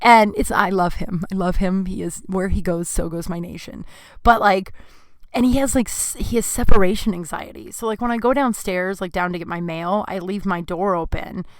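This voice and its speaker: A woman's voice: medium pitch, fairly even intonation, moderate pace, no room sound, studio quality. A woman in her thirties hosting a podcast, telling a rambling, candid story in casual chat and acting out the voices of people in it. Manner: candid, rambling, swears freely, acts out quotes. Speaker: podcast host.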